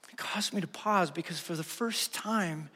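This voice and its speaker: A middle-aged male pastor with a rather high voice preaches in earnest, swinging between loud, lively stretches and quiet, hushed moments. His voice rings out with a long reverb from the sanctuary around him. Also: normal speed, slightly rough. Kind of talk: sermon.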